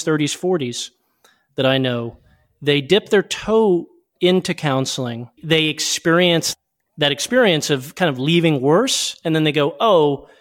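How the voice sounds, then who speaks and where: Male interview guest, slightly high-pitched, earnest, brisk storyteller. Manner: earnest, quick when recounting stories. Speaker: guest, youth speaker. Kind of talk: conversational interview.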